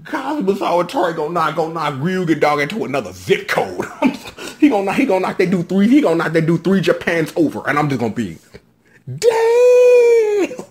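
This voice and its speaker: A man giving a casual, hyped-up episode review, joking and slangy, often leaping into high shouts. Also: sing-song, quick pace. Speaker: show recap vlogger.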